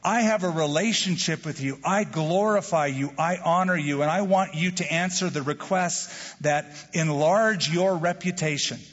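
Husky male pastor preaching in a reverberant hall. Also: fairly high pitch, moderate pace, few pauses. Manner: animated, acts out quoted prayers with jokes. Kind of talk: sermon. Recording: dull lo-fi sound with hall reverb.

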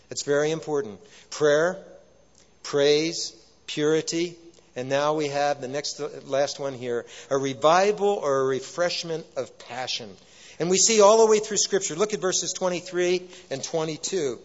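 An earnest pastor with a fairly high voice preaches a sermon, leaning on repeated phrases for emphasis. The sound is dull and muffled, with a long reverb trailing off his words.

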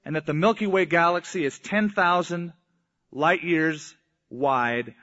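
A male pastor giving a conversational sermon, with slow, emphatic phrasing. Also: a little high, fairly bright tone. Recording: echoey hall, dull lo-fi sound.

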